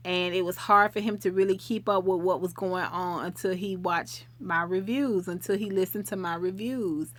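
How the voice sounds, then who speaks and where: A woman's voice: lowish voice, fairly even intonation, moderate pace, hardly any pauses, fairly bright tone. A middle-aged woman hosting a live stream, chatting casually with viewers in a talkative, folksy way. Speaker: livestream host.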